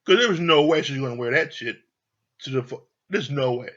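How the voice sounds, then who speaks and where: A man's voice: mid-range voice, animated, fairly quick, a bit bright, highs cut off. Profane, laughing man recapping TV. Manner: blunt, profane, laughing often. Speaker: reality TV reviewer. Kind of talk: casual recap commentary.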